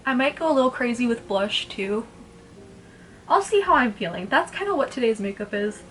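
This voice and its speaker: A woman's voice: fairly high pitch, sing-song, moderate pace, a bit bright, faint music behind. A woman in her twenties chatting casually at home while doing her makeup, rambling and blunt, swearing freely. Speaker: beauty vlogger. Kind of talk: casual get-ready-with-me chat.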